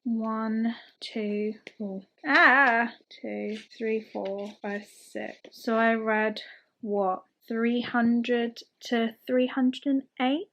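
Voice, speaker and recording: Young adult woman, casual rambling vlogger, self-deprecating, slightly high voice. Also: fairly even intonation, very slow, fairly bright tone, lo-fi sound. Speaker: book vlogger. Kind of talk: casual chatty vlog.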